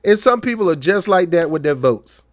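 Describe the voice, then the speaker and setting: A man's voice: high voice, moderate pace, no echo, clean studio sound. A man giving casual political commentary on his own channel, joking and mocking as he tells stories. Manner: joking, mocking, animated storytelling.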